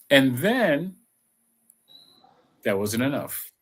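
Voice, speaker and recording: A man giving an unhurried, conversational spiritual talk and leading affirmations, with many "you know"s. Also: mid-range voice, expressive. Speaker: spiritual teacher.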